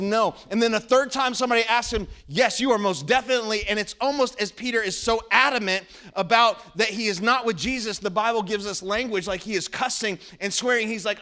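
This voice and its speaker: A man preaching a sermon as pastor, telling the story with animated delivery and acting out the quoted voices. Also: high-pitched.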